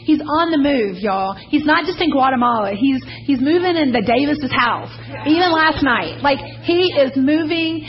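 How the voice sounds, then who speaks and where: A woman's voice: sits high, animated, moderate pace, hardly any pauses, highs cut off, soft background music. A woman, leading a church mission team and sharing enthusiastic, rambling testimony with a congregation.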